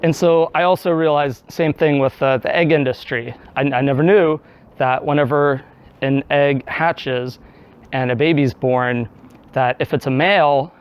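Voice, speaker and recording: A man's voice: on the high side, fairly even intonation, a little slow, clean tone, muffled recording. A man in his thirties from Tennessee giving a conversational story speech, acting out his own past thoughts. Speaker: speaker giving a club talk. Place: indoor meeting room.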